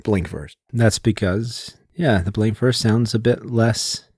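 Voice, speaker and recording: A man's voice: fairly low pitch, slow, a little mellow, breathy edge, dry recording. A man co-hosting a podcast, patiently explaining things in a casual, lecturing way. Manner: lecturing, patient, detail-heavy. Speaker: podcast co-host.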